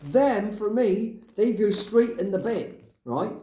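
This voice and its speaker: A man's voice: high voice, animated, slow pace, dark tone, slight background noise. A man playing a ranting grumpy bloke. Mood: grumbling. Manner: rambling, ranting, tags lines with "right?". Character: grumpy older Englishman ranting about clutter. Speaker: comic character. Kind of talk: rambling comic monologue to camera. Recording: echoey room.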